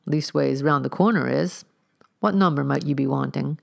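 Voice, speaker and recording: A woman reading the part of a working-class male London constable who talks slowly and mutters to himself, in a low, gravelly voice. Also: darkish tone. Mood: gruff.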